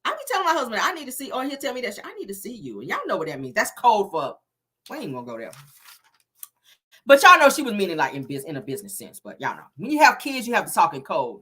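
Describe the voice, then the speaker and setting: Woman dishing on a reality show, bright voice, says honey a lot, super animated. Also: on the low side, fast, breathy edge. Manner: sassy, animated, calls everyone honey and girl. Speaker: reality show recap host. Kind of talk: casual recap chat.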